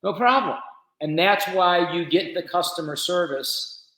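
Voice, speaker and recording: Animated man telling a story, roomy sound. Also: high voice, measured pace. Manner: animated storyteller with shifting loudness. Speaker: business owner guest. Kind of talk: casual podcast storytelling.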